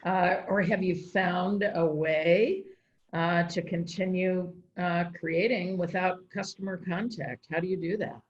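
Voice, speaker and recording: A woman hosting a conversation, asking measured questions. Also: lowish voice, steady tone, muffled recording. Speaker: host. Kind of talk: interview questions.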